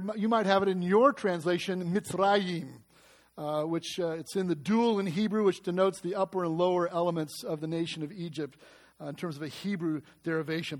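Male pastor, high pitch, animated delivery with questions and jokes, sermon. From United States.

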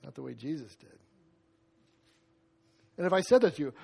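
A man preaching a sermon, retelling a scripture story in a lively, conversational way and acting out the lines. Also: a little high, normal speed, creaky, long pauses, breathy edge.

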